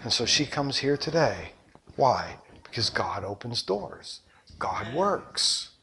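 An older man preaching a sermon as a pastor, with rhetorical questions and passion that surges loud and then drops low. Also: very animated, slow, slight background noise. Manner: impassioned preaching, rhetorical questions, surging and dropping loudness.

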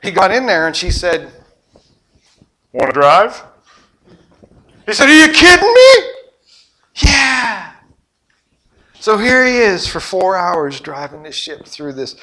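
A middle-aged man preaching a sermon, telling family stories with swings from loud outbursts to hushed asides. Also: fairly high pitch. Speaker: pastor.

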